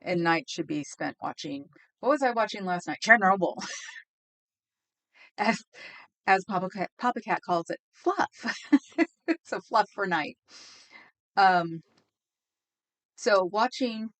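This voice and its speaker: A woman chatting casually on a live stream, rambling, laughing easily and talking to viewers in the chat. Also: fairly high pitch.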